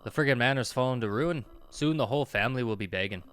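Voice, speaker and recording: A surly, rough stranger from a game who talks bluntly and dismissively, calling people mate, as a man puts on a vague accent for him. The delivery moves around in pitch. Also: lively intonation, fast, pushed and bright.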